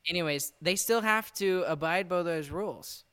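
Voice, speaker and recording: A man's voice: sits high, normal speed, fairly bright tone, smooth. A man hosting a casual sports podcast, rambling and exasperated, laughing now and then as he talks. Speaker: podcast host. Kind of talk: casual chat.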